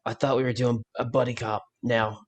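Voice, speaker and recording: A man's voice: medium pitch, level tone, normal speed. A man playing a tabletop role-playing game, chatting casually and bantering in a laid-back way. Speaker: player.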